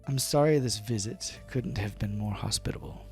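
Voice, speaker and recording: A man's voice: fairly low pitch, moderate pace, vocal fry, a little mellow, faint music behind. A man voicing a noble gnome lady who speaks politely with a subdued, weary tone. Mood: gracious.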